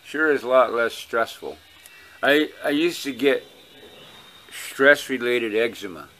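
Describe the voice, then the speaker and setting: A man's voice: medium pitch, expressive, measured pace, pushed and bright. A man with a Hawaiian accent talking casually to his viewers at home, rambling, blunt and profane. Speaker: vlogger.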